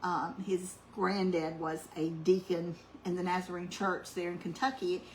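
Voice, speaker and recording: Soft-spoken woman telling a story. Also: fairly low pitch, unhurried, slight background noise, rough recording. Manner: soft-spoken, meandering with many ums, gets louder when excited. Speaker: cooking channel host. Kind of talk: heartfelt personal storytelling.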